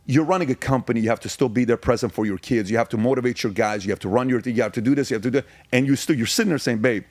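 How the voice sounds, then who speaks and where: A man's voice: mid-range voice, very fast, darkish tone, dry recording. Emphatic man from Iran, dry close sound. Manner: emphatic, fires rhetorical questions. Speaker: podcast guest. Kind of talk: casual storytelling interview.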